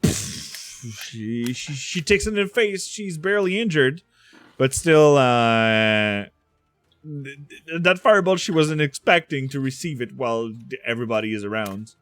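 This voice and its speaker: Guy running a tabletop game, slow and lively, dry mic, faint music. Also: medium pitch, no echo. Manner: laughing, hesitant, many fillers. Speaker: game master.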